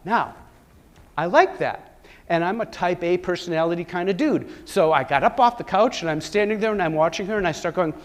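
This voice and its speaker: A middle-aged man giving a keynote talk to a live audience, telling a personal story in an animated way, with sudden loud bursts and soft asides. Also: fairly high pitch. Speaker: keynote speaker.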